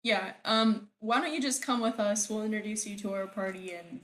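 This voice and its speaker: A woman's voice: mid-range voice, moderate pace, a bit bright. A young woman playing a tabletop game, casual and giggly, with many hesitant ums. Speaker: player.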